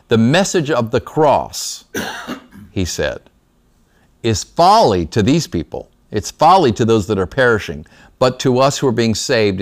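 A man teaching a Bible study class in a small room, talking conversationally with a slight lisp from retainers and often checking in with the class. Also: lowish voice.

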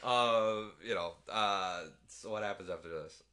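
Brief: podcast co-host, man, bright tense tone, loose and profane, laughs a lot. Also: on the low side, a little slow. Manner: rambling, laughs often, swears freely. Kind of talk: casual movie recap chat.

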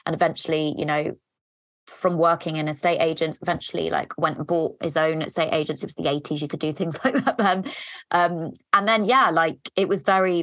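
An Englishwoman in her thirties hosts a podcast, delivering a candid personal monologue full of frank confessions, casual swearing and lots of fillers. Her voice is low with a fairly bright tone, and there's no room sound.

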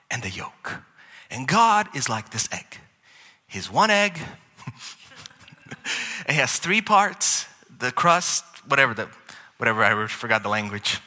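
A man preaching a sermon as pastor, lively and playful, with chuckles and asides to the congregation. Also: mid-range voice, breathy edge. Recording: long hall reverb.

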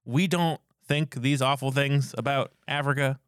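A man co-hosting a casual movie podcast, recapping a film with jokes, quick asides and frequent laughter. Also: mid-range voice, fairly even intonation, fairly bright tone, clean tone. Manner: jokey, laughs often, drops into playful voices. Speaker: podcast co-host.

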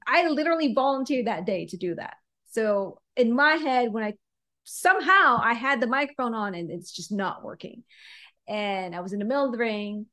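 Young woman ring announcer, higher voice, animated and giggly, loose conversational delivery. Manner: animated, laughs often, many restarts. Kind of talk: casual conversation.

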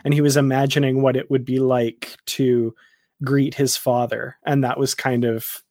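A man guesting on a casual chat show, friendly and quick to laugh. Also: medium pitch, level tone, a little mellow, no echo, clean studio sound.

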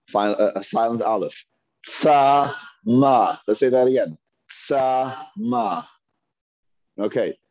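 A man teaching Hebrew reading, sounding out words slowly and patiently and repeating them. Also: on the low side, a little mellow. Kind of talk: slow, patient reading lesson. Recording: dull lo-fi dry recording.

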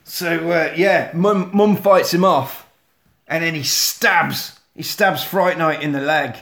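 A man retelling a film plot in casual, animated, sweary storytelling. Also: fairly high pitch, slow, echoey room.

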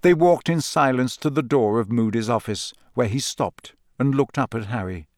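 An audiobook reader narrates a novel from script, his storytelling steady and measured. He's a man with a medium-pitched voice, recorded dry at studio quality.

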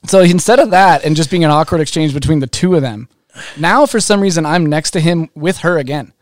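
A man's voice: on the high side, a little fast, dry recording, studio quality. A man, a pro snowboarder, telling funny stories on a casual podcast, laughing often and acting out quotes. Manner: laughing, animated, acts out quotes.

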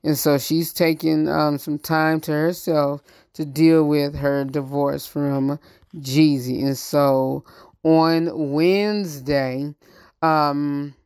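Man, show host, slow hesitant delivery, lots of ums, smooth clear voice, dry close sound. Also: fairly high pitch, flat delivery, darkish tone, no echo. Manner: halting, many ums, slow and careful. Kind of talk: casual celebrity news chat.

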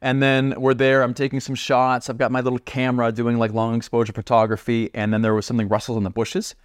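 A man who is a podcast guest, telling a story in an animated, chatty way with lots of asides. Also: mid-range voice, quick pace, no room sound, studio quality. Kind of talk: casual storytelling.

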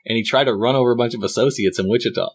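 A man's voice: medium pitch, rapid-fire, slightly rough. A young man telling a rambling story to friends, swearing freely and acting out quotes. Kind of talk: casual chat with friends.

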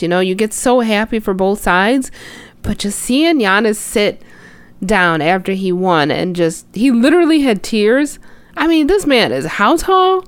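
Young female podcast host, lively swooping delivery, dry close recording. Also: medium pitch, no room sound. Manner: animated, chatty, exclaims often. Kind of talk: casual sports chat. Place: city outside Chicago.

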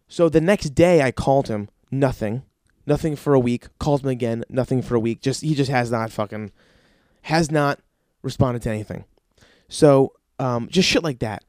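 A man's voice: medium pitch, normal speed, a little mellow, no echo. A young man hosting a podcast, ranting casually with lots of swearing and exasperation. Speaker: podcast host.

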